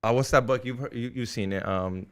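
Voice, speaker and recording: A man co-hosting a podcast, teasing and firing quick questions in casual chat. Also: mid-range voice, background noise.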